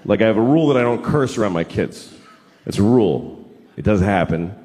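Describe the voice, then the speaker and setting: A man performing a stand-up routine, moving from calm talk about parenting into indignant, loud rants. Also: fairly low pitch, brisk. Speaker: stand-up comedian. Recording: echoey live club sound. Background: audience laughter.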